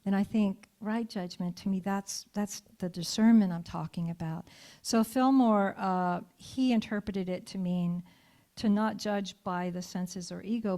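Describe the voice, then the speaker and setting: Telling a story from the pulpit of a church sanctuary, the middle-aged woman minister invites her congregation to share their thoughts and laughs a lot. Her mid-range voice has a warm tone.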